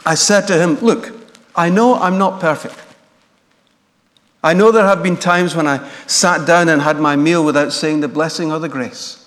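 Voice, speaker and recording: A man voicing a poor old village tailor who pleads indignantly with God, in a long church reverb. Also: a little high.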